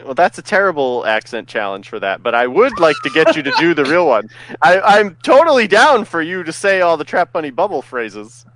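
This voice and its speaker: A man's voice: fairly high pitch, sing-song, a little fast, fairly bright tone. A man co-hosting a podcast, chatting casually, laughing often and setting up clips for the others. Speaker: podcast co-host. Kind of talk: casual chat.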